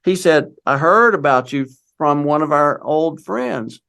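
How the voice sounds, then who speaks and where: A man's voice: a little high, lively intonation, a little slow, creaky, fairly bright tone, clear, resonant tone. A middle-aged man telling a personal story in a casual, rambling way, quoting what others said to him. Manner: rambling, with many restarts and quoted dialogue. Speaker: guest telling his story.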